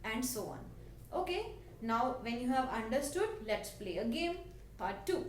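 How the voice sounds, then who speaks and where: A woman with an Indian English accent, teaching a language lesson slowly and patiently and repeating each word for her learners. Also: a little high, big pitch swings. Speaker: French teacher. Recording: echoey room, voice a bit distant, faint background hiss.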